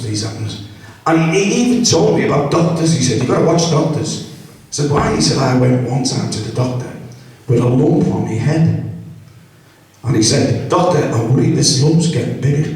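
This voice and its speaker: A man's voice: medium pitch, animated, normal speed, darkish tone. A man doing crude, chatty stand-up and talking to the audience by name. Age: 60s. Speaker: stand-up comedian. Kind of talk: open mic stand-up. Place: small comedy club. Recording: very echoey room from far off.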